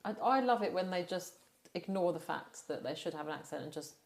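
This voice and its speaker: A woman's voice: on the low side, animated, brisk. A woman co-hosting a film podcast, chatting casually and dropping dry, wry quips. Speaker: podcast co-host. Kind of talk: casual chat.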